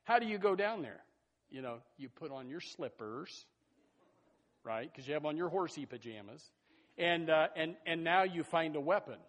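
A man preaching a sermon in a folksy, animated way, with sudden loud bursts and asides to the congregation. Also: on the high side, normal speed. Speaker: pastor.

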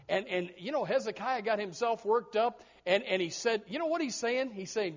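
Preacher, male, very high and lively voice, emphatic sermon, dull lo-fi recording. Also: normal speed, few pauses. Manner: emphatic, repeats words when restarting.

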